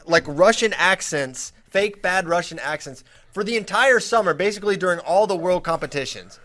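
A man's voice: sits high, normal speed. A man hosting a podcast, chatting casually and telling stories with lots of restarts. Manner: lively storyteller, restarts a lot. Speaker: podcast host. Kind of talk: casual chat and storytelling.

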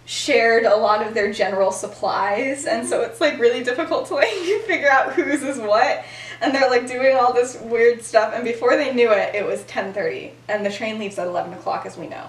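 A woman's voice: a little high, normal speed. A young woman retelling a story to a friend on a podcast, chatty and full of "like" fillers, laughing as she goes. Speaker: podcast host. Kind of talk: casual storytelling. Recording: roomy sound from far off.

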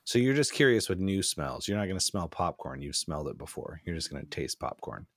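A man's voice: sits low, sing-song, a little fast, fairly bright tone, no room sound, clean studio sound. A young man in casual chat, telling rambling, jokey stories with a sarcastic streak.

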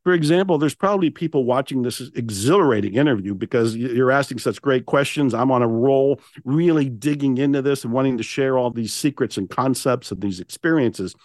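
An older man, a podcast guest and author, telling stories in an emphatic, animated way and acting out his own inner voice. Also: medium pitch, fairly quick, hardly any pauses, dry recording, studio quality. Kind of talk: storytelling in a conversational interview.

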